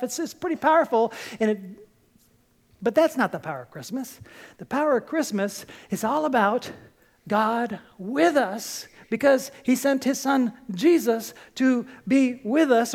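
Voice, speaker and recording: A pastor preaching a sermon to a congregation, lively and repeating key phrases, with joking asides. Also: medium pitch.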